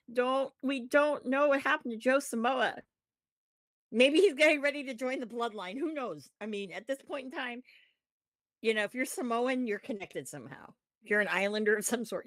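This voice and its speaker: A woman's voice: on the high side, animated, moderate pace, no room sound, studio quality. Profane, ranting woman podcaster. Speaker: podcast co-host. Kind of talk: casual wrestling chat.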